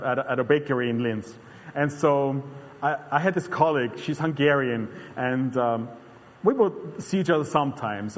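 Male preacher, earnest chatty sermon delivery with restarts; slightly high voice, reverberant hall. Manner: earnest, conversational, frequent restarts.

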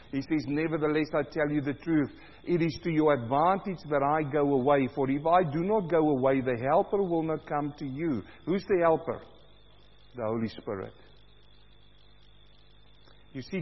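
A man preaching a sermon, asking rhetorical questions and swinging between hushed lows and loud emphatic peaks. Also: slightly rough. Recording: dull sound in a long-reverb hall.

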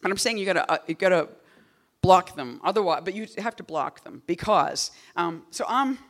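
Woman poet, casual talk at a reading, rambling and digressive, wry deadpan asides. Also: lowish voice, normal speed. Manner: rambling and digressive, full of "like" and "you know".

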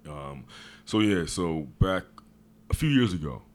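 A man with a very low voice hosts a podcast and talks in a relaxed, slangy way. He tells his own story at an unhurried pace. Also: a little hiss or hum. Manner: laid-back, slangy storyteller. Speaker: podcast host. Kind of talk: casual chat.

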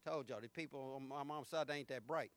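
A man preaching a folksy, emphatic sermon, rising to shouts at peaks. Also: medium pitch, a little fast.

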